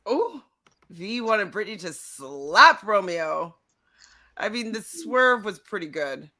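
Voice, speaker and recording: A woman co-hosting a casual recap chat about a reality show, chatty and quick to laugh, often reading from her notes. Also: medium pitch, big pitch swings, bright, forceful tone.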